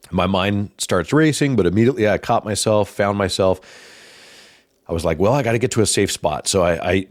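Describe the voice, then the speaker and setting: Deep-voiced man hosting a reflective podcast. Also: no echo, clean studio sound. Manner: calm, thoughtful, unhurried with pauses. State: slightly out of breath. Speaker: podcast host. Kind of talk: casual reflective monologue.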